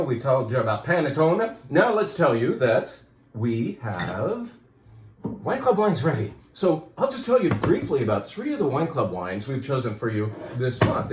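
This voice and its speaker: Casting: male wine shop owner, chatty and rambling, slightly winded, mid-pitched, roomy echo. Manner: chatty, enthusiastic, rambling with restarts. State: out of breath, dry throat. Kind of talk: casual promotional talk.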